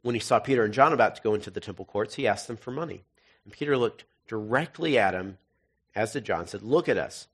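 A man's voice: fairly low pitch, animated, fast talker, husky. A man giving a sermon as pastor, reading scripture and then breaking into jokey, conversational asides.

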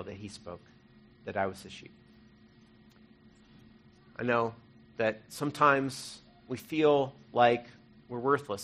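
Earnest man preaching with swelling emphasis. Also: mid-range voice. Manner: earnest, swings between loud emphasis and soft hushed asides. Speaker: pastor. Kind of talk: sermon.

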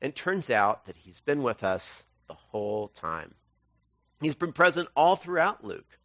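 A man preaching a sermon, reading scripture and retelling it as a lively story, acting out the voices. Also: medium pitch, a little slow, no room sound. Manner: animated storytelling, acts out voices. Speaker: pastor.

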